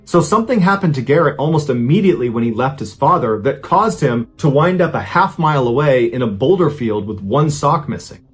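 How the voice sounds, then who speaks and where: A man narrating a true disappearance story in a conversational, suspenseful way. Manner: conversational, builds suspense with rising pitch and slow pauses. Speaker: storyteller host.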